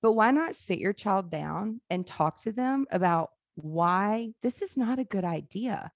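A woman's voice: mid-range voice, lively intonation, measured pace, dry recording, clean studio sound. A woman in her forties telling candid family stories in casual chat, laughing and swearing now and then.

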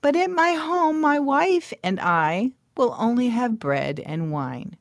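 A woman's voice: on the high side, very animated, takes it slowly, dry recording, clean studio sound, voice pushed up, full character voice. A woman doing a worried man over eighty. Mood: apologetic. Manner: concerned, hesitant.

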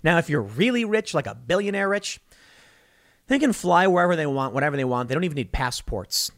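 A man's voice: on the high side, expressive, a little fast, creaky, a bit bright. A man hosting a solo political commentary show, talking in an opinionated, conversational way with emphatic stresses and frequent restarts.

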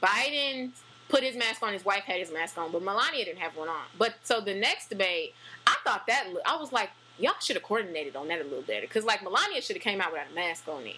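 A woman chatting casually, animated and full of fillers and restarts. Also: mid-range voice, quick pace, a little hiss or hum, poor audio. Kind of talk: casual chat.

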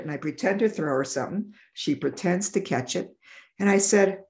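A vision therapist telling a patient story in an interview, animated and acting out the dialogue. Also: medium pitch, normal speed. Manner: animated, acts out quoted dialogue.

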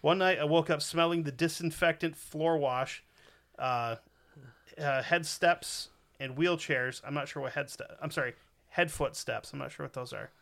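A man's voice: on the high side, moderate pace, gravelly, fairly bright tone. A man hosting a casual podcast, reading out a listener's story in a crude, profane, joking way.

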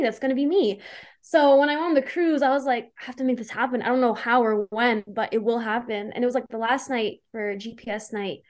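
A young woman in casual chat, retelling a story with breathless enthusiasm. Her voice sits a little higher than most, and she leans on "like" and acted-out quotes. She sounds eager and chatty throughout. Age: young adult. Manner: gushing, filler-heavy with "like". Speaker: fan guest.

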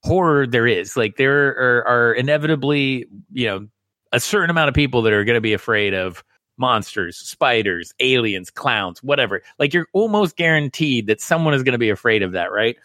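Animated man in casual film talk. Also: mid-range voice, no echo, studio quality. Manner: animated, fast bursts, many restarts. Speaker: podcast co-host. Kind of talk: casual movie chat.

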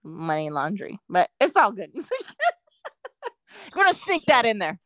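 A woman's voice: medium pitch, wildly swooping pitch, slow, pushed and bright, no echo, poor audio. A woman in her forties from Southern California, co-hosting a podcast in casual, profane chat and laughing often. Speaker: podcast co-host.

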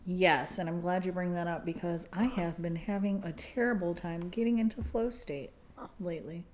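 A woman's voice: on the low side, fairly even intonation, moderate pace, darkish tone. A woman co-hosting a podcast, chatting casually in a dry, teasing way. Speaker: podcast co-host. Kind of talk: casual chat.

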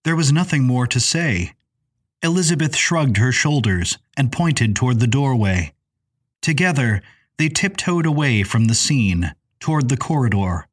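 A man narrates a novel in a measured, descriptive way. His voice is husky, with a mid pitch. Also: expressive. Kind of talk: scripted audiobook narration.

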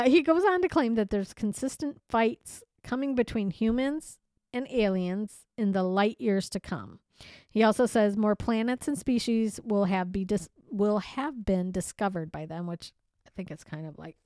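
A woman hosting a casual podcast, playful and chatty, laughing easily as she riffs on a story she's reading. Her voice sits in an ordinary middle pitch. It's recorded dry and close, with no room sound. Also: normal speed, darkish tone, dry recording. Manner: reads story aloud, then riffs on it. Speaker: podcast host. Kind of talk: casual chat.

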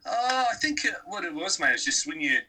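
A man's voice: high-pitched, very animated, fairly quick, bright, forceful tone, breathy edge, low-quality recording. A middle-aged man with a New Zealand accent in casual chat, laid-back and saying "mate" a lot.

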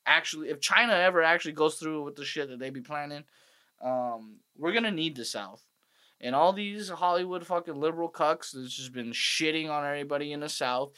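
Young guy swearing a lot, rambling sarcastic rant, kinda high bright voice. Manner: profane, rambling, sarcastic asides. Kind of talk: profane comedic rant.

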